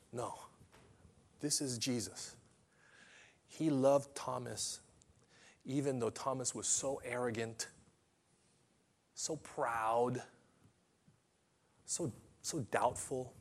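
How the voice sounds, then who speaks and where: A man preaching a sermon in an impassioned way, swinging between hushed and loud passages and often repeating or restarting phrases. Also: mid-range voice, extremely slow, pauses often.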